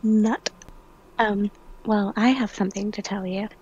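A woman's voice: mid-range voice, steady tone, a little slow, darkish tone, lo-fi sound, a little hiss or hum. A woman chatting casually as a podcast co-host, rambling through offhand stories. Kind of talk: casual chat.

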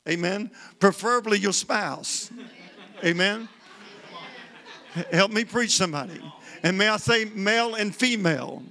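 Guest preacher, male, high bright voice, call-and-response sermon delivery. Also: unhurried. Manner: preaching with call-and-response, repeating words for emphasis. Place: church sanctuary.

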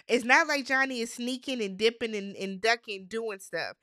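A woman's voice: fairly high pitch, moderate pace, pushed and bright, no room sound, clean studio sound. A woman hosting a reality TV recap, talking in a chatty, opinionated way with slangy asides. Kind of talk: casual recap commentary.

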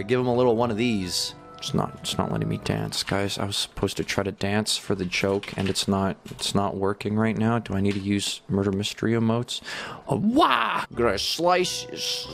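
A man hosting a gaming video, giving excitable commentary and talking to viewers, with stammered repeats. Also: fairly low pitch, gravelly.

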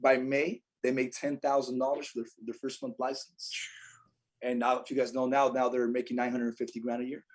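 A young adult man telling a lively story as a podcast guest, acting out what others said. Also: medium pitch, fairly quick. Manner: animated storyteller, acts out quotes. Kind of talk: storytelling in casual chat.

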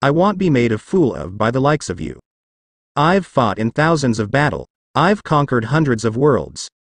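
A man's voice: mid-range voice, sing-song, normal speed, no room sound. A man puts on an arrogant alien warrior woman who sneers at her foes and roars her threats. Her voice leaps up and down with anger, recorded close and dry for a fan fiction audio story. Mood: raging. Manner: sneering, furious shouting. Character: arrogant fierce female alien warrior villain.

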